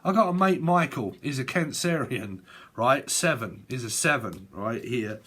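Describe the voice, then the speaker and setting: A man's voice: medium pitch, lively intonation, unhurried, pushed and bright. A man giving a casual tarot reading, rambling and swearing, often breaking into laughter. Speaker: tarot reader.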